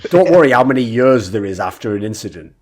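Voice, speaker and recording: A young man co-hosting a casual esports podcast, brash and profane, telling animated stories. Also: medium pitch, fast talker. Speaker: podcast co-host.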